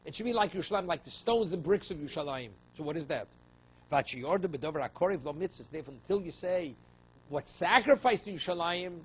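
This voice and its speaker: In a slightly rough male voice pitched a little high, a rabbi leads a Talmud class, reading Aramaic and explaining it in English. He keeps checking understanding with "okay?" and "right?". The audio is slightly dull, with faint room noise.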